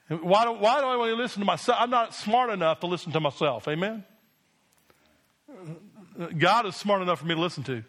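A male pastor delivering a sermon to his congregation, his voice pitched high for a man. He preaches with firm, emphatic repetition and keeps checking in with the room. The tone is bright and ringing. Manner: emphatic preaching with repeated call-and-response "Amen?".

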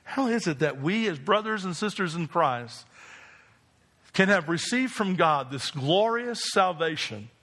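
High, bright-voiced preaching man. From New Jersey. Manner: emphatic, with rhetorical questions to the congregation. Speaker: pastor. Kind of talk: sermon.

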